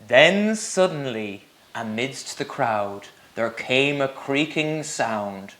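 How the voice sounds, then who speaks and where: A man's voice: mid-range voice, animated, takes it slowly, hardly any pauses, fairly bright tone. A male teacher reading a storybook aloud to young children, sing-song and full of questions for them. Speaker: primary school teacher.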